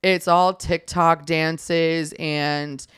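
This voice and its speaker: A woman chatting casually as a podcast guest, telling stories in a blunt, profane and animated way. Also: low voice, extremely slow, smooth, no echo, studio quality. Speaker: podcast guest, substitute teacher.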